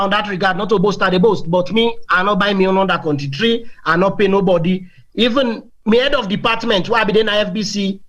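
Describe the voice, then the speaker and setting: A Sierra Leonean man with a Krio accent speaks in a very high, bright voice. He tells boastful stories as a talk show guest, laughing and repeating himself as he goes. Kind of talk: animated anecdotal storytelling.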